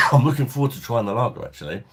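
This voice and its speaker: A man's voice: mid-range voice, sing-song, quick pace, gravelly, heavy background noise. A man hosting a casual beer review livestream, chatting laid-back and reading out viewer comments. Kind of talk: casual live-stream chat.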